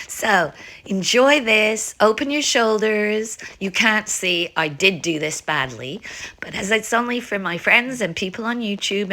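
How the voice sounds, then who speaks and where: An older woman leads a relaxed Pilates flow from her home. Her voice is bright and clear, and she chats and laughs as she coaches, slipping between English and French. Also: lowish voice. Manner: chatty, laughs often, mixes French and English. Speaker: Pilates and ballet instructor. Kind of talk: casual exercise instruction. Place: home, France.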